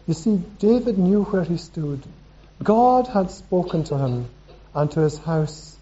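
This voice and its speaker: A man's voice: sits high, expressive, a little slow, dark tone. A man preaching a sermon, reading scripture aloud and asking the congregation questions. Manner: reads scripture aloud, asks the room questions. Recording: dull lo-fi recording.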